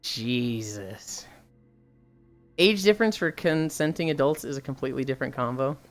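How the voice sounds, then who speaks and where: Blunt, swearing streamer with smooth voice. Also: mid-range voice, normal speed, soft background music. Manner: blunt, swears freely, frequent sighs. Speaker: livestreamer. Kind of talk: casual chat, reading viewer messages aloud.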